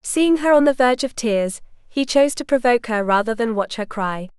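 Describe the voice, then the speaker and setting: A woman narrating a romance audiobook in a measured, even storytelling manner. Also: on the high side, clean tone, dry recording, clean studio sound. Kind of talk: scripted narration.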